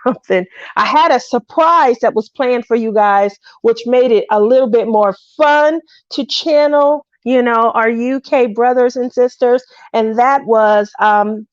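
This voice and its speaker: A woman's voice: medium pitch, a little mellow, no room sound. A woman hosting a casual craft livestream, chatting to her viewers in a rambling way and laughing often. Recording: dull, lo-fi dry sound.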